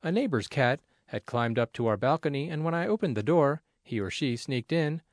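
A man reading a personal essay aloud in a measured, plainspoken way. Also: medium pitch, expressive, no echo, clean studio sound. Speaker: narrator.

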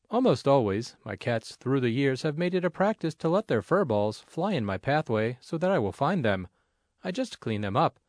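Lively-voiced man reading a personal essay. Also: medium pitch, no echo, studio quality. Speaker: reader.

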